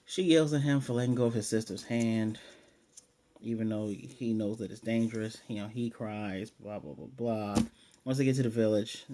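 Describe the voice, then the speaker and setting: A man's voice: lowish voice, moderate pace, mellow, a little hiss or hum. A man giving a casual, rambling episode recap and review of an anime, with sarcastic asides.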